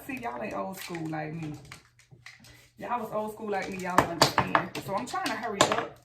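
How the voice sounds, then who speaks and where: A woman's voice: medium pitch, animated, normal speed, vocal fry. A woman vlogger chatting casually and playfully to her viewers while doing her makeup, calling them y'all, filmed by a camera set far back in a room at home. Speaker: beauty vlogger. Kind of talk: casual get-ready-with-me chat. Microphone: far camera mic. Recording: roomy, distant, faint background noise.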